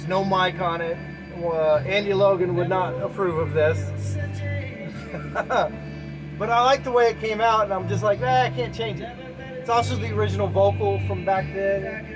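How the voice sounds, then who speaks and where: A middle-aged man with a fairly high voice rambles candidly about his songs, restarting his sentences often. He sits in a small backyard shed studio. Music plays clearly behind his talk. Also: steady tone, moderate pace, long pauses, poor audio. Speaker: musician explaining his album. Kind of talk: casual talk to camera, track by track.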